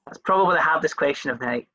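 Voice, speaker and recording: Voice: mid-range voice, sharp tone, breathy edge, dry recording, dull audio. A Scottish interview host chatting casually, rambling a little with fillers and restarts.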